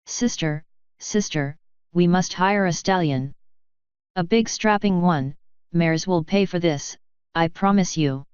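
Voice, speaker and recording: A prim, stern mare spa owner, voiced by a woman reader, speaking low and hushed. Her tone is smooth and clear, and the recording is dry and slightly muffled. It comes from a storybook reading. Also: measured pace, dry recording, close to an everyday voice. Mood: urgent.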